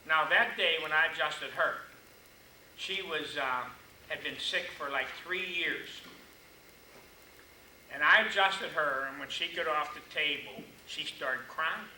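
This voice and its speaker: An older man teaches a seminar in a folksy, animated way, slipping into stories and acting out what people said. He is heard from a distance in an echoey room with steady background noise. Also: on the high side, unhurried. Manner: folksy, animated anecdotes with acted-out quotes. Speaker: chiropractic lecturer. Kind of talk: storytelling seminar lecture. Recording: echoey room, far mic, noisy.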